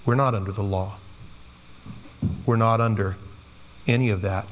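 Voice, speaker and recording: A man's voice: lowish voice, fairly even intonation, normal speed. A man preaching a sermon in a loose, conversational way, slipping into playful quoted asides. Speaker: pastor. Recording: long hall reverb.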